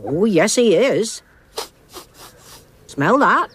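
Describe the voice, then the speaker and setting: A woman's voice: medium pitch, big pitch swings, drawn-out words, a little hiss or hum. A woman voicing a cheerful, bawdy old witch in a cartoon, teasing and gossipy with a chuckle. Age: older. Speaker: village witch, mother. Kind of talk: animated cartoon voice acting.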